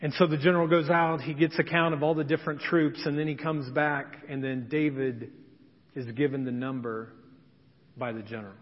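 A male pastor delivers a sermon in an earnest, personal storytelling manner. His voice sits high for a man. It rings with long reverb in a church hall and sounds slightly muffled. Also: flat delivery, moderate pace. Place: church sanctuary.

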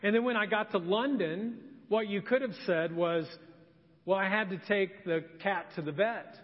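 A man's voice: high voice, moderate pace, in a large hall, lo-fi sound, voice pushed down, lightly acted. A man telling a joke in a sermon voices a fussy husband who lectures his wife in a whiny way. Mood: complaining. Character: fussy, complaining husband on a trip.

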